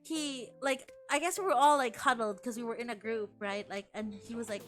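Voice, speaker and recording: A woman from the Philippines, a VTuber streamer chatting casually with her chat, animated and laughing often, with casual swearing. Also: on the high side, a little fast, hardly any pauses, soft background music.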